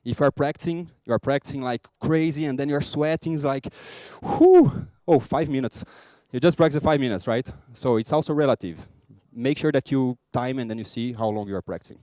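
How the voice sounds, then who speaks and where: A man with a Brazilian accent giving a lively conference talk, acting out small scenes and joking with the audience. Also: mid-range voice, brisk, no echo. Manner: lively, acts out little scenes and jokes with the audience. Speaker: conference speaker.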